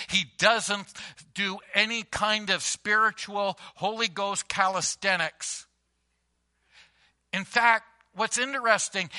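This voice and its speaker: Bright-voiced, high-pitched male pastor preaching. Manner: emphatic, conversational storytelling with repetitions. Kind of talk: sermon. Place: church before a congregation.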